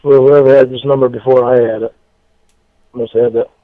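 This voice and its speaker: Brief: low-key, hesitant man, mid pitch, tinny phone-like sound. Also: flat delivery, fairly quick, no room sound. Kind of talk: casual chat.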